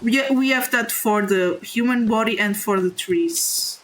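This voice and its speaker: A young woman whose first language is not English, talking openly and haltingly to her viewers while she plays a game, often apologizing and reassuring them. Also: medium pitch, a little hiss or hum, low-quality recording. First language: a language other than English. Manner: halting, heartfelt and confessional, with frequent restarts. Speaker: gaming streamer. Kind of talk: casual confiding chat while playing a game.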